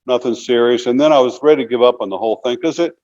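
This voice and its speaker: An older man in his sixties recounts anecdotes as an interview guest, talking casually and rambling, full of "you know". His voice sits at an ordinary middle pitch. The audio is slightly dull and lo-fi. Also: rapid-fire, darkish tone. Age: 60s.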